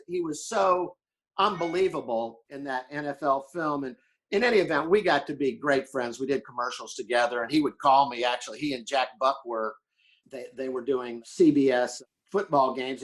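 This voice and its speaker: An older man from Florida, a podcast guest telling animated stories and acting out the people he quotes. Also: mid-range voice, normal speed. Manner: animated storyteller who acts out quotes. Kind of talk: casual storytelling chat.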